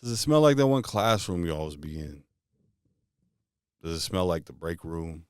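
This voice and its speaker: A motivational speaker leads a guided visualization, firing off casual questions in rapid succession. His low voice is very animated, clear, and resonant, captured with clean studio sound and no echo.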